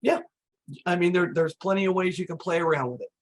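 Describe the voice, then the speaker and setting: A slightly hoarse woman host, walking through recipes in relaxed, chatty talk full of fillers. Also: on the low side, fast. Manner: relaxed, chatty, many "you know" fillers. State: slightly hoarse, losing her voice. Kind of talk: casual cooking chat.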